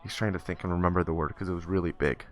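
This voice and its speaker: Young male streamer, low voice, rambling storyteller with filler words, squeaks for side characters. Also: fairly even intonation, very fast. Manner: rambling with many fillers and restarts; acts out the kid and teacher in high squeaky voices. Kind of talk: casual storytelling while gaming.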